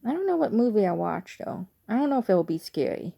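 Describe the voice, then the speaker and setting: A woman's voice: mid-range voice, very animated, fast, vocal fry, slightly rough, dull audio. A woman from Chicago with a speech impairment, chatting casually in a rambling, unsure way on her vlog. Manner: rambling, digressive, often unsure. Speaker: vlogger.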